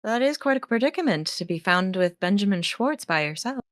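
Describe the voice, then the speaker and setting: A woman's voice: medium pitch, lively intonation, brisk, dry recording, studio quality, lightly acted. A woman voicing a sly, smirking young noblewoman.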